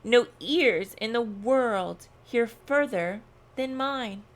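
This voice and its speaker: A woman's voice: on the high side, slow, a little hiss or hum. A woman voicing a boastful male rabbit who snaps and brags, reading a storybook aloud. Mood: bragging. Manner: bragging, snappish. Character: boastful male rabbit proud of his ears.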